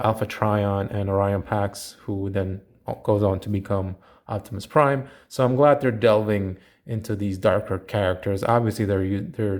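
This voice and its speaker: A man in a casual unboxing video talks through collectible figures in a relaxed, meandering way. His voice sits a little low, and he fills pauses with plenty of uhs and ums. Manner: relaxed, rambling with frequent fillers. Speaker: toy collector reviewer.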